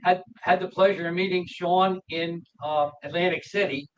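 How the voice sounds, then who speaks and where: A man appearing as a guest, explaining his product in a halting way with many restarts over a remote call. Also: high voice, fairly even intonation. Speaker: guest, gate product maker. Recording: distant dull remote line with noise.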